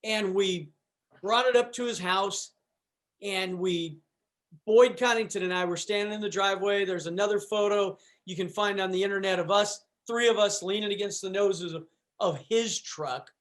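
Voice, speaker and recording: A man's voice: high-pitched, moderate pace, fairly bright tone. A man, a guest on a chat show, telling a long personal story in a loose, rambling way, full of restarts and asides. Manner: rambling, with restarts and "you know". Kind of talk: casual storytelling.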